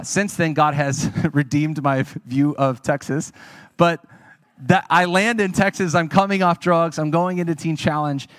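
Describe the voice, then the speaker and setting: Earnest preacher, bright-voiced man. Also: on the high side, no room sound. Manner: conversational, earnest storytelling with asides to the audience. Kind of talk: sermon with personal testimony.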